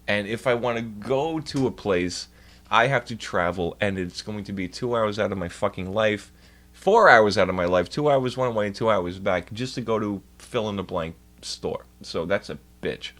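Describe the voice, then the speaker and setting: A man's voice: lowish voice, normal speed, a bit bright. A young man streaming casually, ranting in exasperated, profanity-heavy bursts. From New York. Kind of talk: casual livestream rant.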